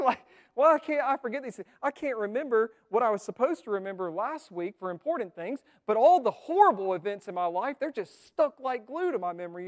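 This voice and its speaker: A preacher delivering a sermon in an earnest, conversational way, asking the congregation rhetorical questions. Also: mid-range voice. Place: church sanctuary. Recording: long reverb of a church hall.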